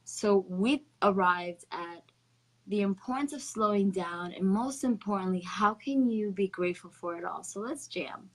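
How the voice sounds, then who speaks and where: A woman's voice: medium pitch, unhurried, rough recording. A woman hosting a casual livestream. She is upbeat and speaks directly to her viewers, introducing topics and guests. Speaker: host.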